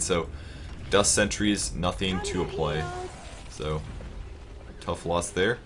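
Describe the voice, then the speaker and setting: A man casting a video game match, calling the plays quickly and getting louder on big moments. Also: low-pitched, slight background noise. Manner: fast, rising to excited shouts on big plays. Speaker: esports caster. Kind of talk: play-by-play game commentary.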